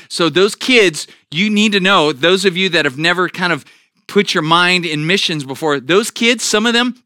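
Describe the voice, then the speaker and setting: A man's voice: a little high, sharp tone, no echo, clean studio sound. A middle-aged man preaching a sermon as a pastor, telling a personal story earnestly with frequent restarts.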